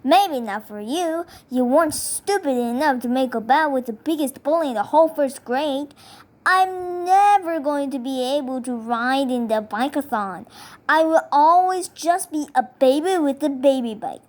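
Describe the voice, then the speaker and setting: A woman's voice: high-pitched, animated, normal speed, darkish tone. A woman voicing an anxious first-grade boy who whines and doubts himself. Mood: doubtful. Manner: whining, doubtful.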